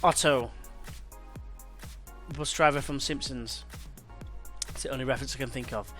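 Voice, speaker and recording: At a moderate pace and with fairly even intonation, a young gamer with a medium-pitched, fairly bright voice chats casually through a football management game let's play. He uses slang and commentates play-by-play over soft background music.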